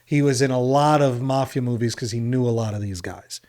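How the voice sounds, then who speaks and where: A man's voice: medium pitch, brisk, a little mellow. A man from New Jersey, co-hosting a podcast and telling a long, rambling story in casual chat. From New Jersey, USA. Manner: rambling storyteller, acts out other people's lines. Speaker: podcast co-host.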